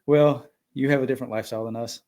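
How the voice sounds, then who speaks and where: A man's voice: mid-range voice, steady tone, very fast, darkish tone. Man, podcast host, easygoing, laughs along, casual chat.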